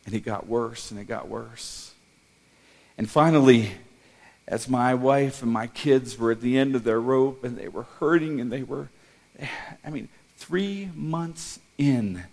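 A middle-aged man preaches, telling his own story of hardship. He speaks with emotion, stumbling and restarting often, at an everyday middle pitch. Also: vocal fry, a little mellow. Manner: emotional, halting, with repeated restarts. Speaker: pastor. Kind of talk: personal testimony sermon.

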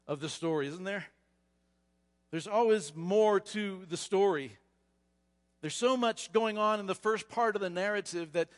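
A male pastor preaching a storytelling sermon, animated, often repeating words as he goes. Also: sits high, big-room sound. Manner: animated retelling, frequent repetitions. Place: church sanctuary.

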